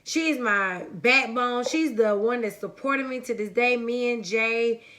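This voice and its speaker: A young woman vlogger chatting to her viewers in a casual story time, rambling and warm-hearted, often calling them y'all. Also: a little high, unhurried.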